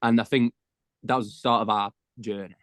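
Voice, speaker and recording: A man's voice: lowish voice, fairly even intonation, brisk, a bit bright, clear, resonant tone, no room sound. A teenage man, a band member telling stories in slangy, casual chat. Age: teens. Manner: chatty storyteller, slangy.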